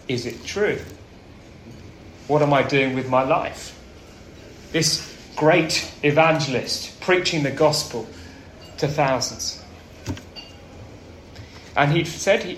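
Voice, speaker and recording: A man preaching a sermon, earnest and storytelling, often dropping his voice low and soft for emphasis. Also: slight background noise. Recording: roomy with faint ambience.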